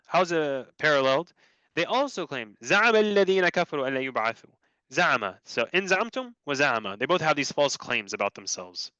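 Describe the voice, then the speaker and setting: A man giving a religious lesson, reciting short Arabic verses and explaining them in English with lively shifts. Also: a little high, no room sound. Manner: animated, quickly switching between recited Arabic and English explanation. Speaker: Islamic teacher presenting on Quran structure. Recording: dry, dull lo-fi recording.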